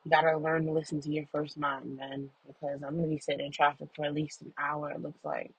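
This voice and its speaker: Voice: medium pitch, level tone, fast, vocal fry, husky, no room sound, poor audio. A person recording a casual audio journal in a car while driving, telling a story in an emphatic, profane way. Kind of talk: casual venting monologue.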